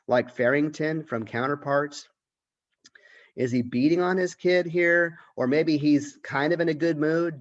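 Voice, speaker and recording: In a recorded lecture with dull audio, a male literature professor talks in a mid-range voice. His delivery has the feel of thinking aloud, full of restarts and questions.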